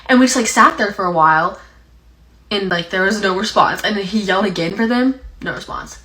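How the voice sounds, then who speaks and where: A woman's voice: mid-range voice, fairly quick, bright, forceful tone, a little hiss or hum, poor audio. Woman, young adult, casual storytelling, rambling. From Appalachia, USA. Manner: rambling, heavy use of "like". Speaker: TikTok storyteller.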